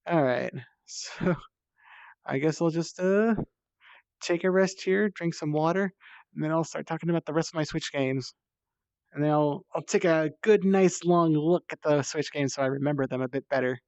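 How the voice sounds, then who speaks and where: A man's voice: a little high, moderate pace, darkish tone, clear, resonant tone, no echo. A man rambling casually while he plays in VR, chatty and self-deprecating, tired and thirsty from the climb, talking into a headset mic. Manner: chatty and self-deprecating, swears when strained. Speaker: VR streamer. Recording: dull, slightly lo-fi dry mic sound.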